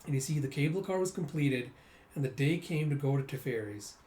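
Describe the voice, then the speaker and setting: A man retelling a comic book in a loose, chatty way, with quick asides between scenes. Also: fairly high pitch, animated, darkish tone. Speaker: manga reader and commentator. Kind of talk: casual read-through narration. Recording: roomy echo.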